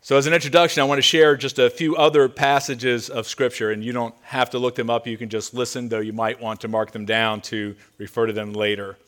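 A man preaching a sermon to his congregation as their pastor, earnest and emphatic, dropping to quieter asides. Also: medium pitch, little pitch movement, brisk, few pauses. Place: church sanctuary.

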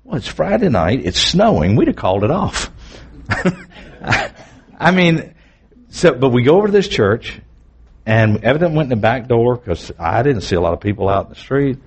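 A man's voice: medium pitch, sing-song, moderate pace, pauses often, breathy edge. A man preaching who tells a personal testimony in an earnest, vivid way with candid asides.

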